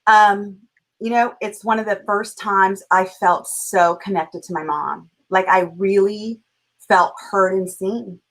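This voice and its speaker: Middle-aged woman, from California, interview guest, passionate, emphatic, mid-pitched voice. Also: fairly even intonation, takes it slowly, low-quality recording. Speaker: guest, parenting coach. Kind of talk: heartfelt conversational interview.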